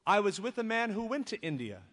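A man preaching a sermon, reading scripture aloud and then breaking into lively, conversational asides. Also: high-pitched, brisk. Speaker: pastor. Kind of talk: expository sermon. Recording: long reverb of a large hall.

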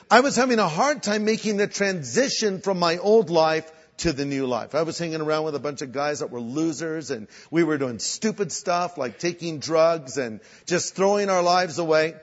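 An older male preacher delivers a story-driven sermon, acting out the people he describes. His voice sits high and the recording sounds dull and lo-fi. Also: long reverb tail. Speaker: guest pastor.

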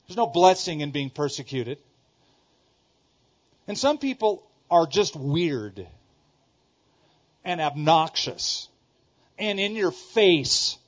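A middle-aged man preaching a sermon with a slightly raised pitch, pressing his points by repeating them. He moves between booming outbursts and hushed asides. The recording sounds somewhat dull and lo-fi. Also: very animated, slow, pauses often. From Southern California. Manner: emphatic, repeats key phrases, shifts between loud exclamations and quiet asides. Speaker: pastor.

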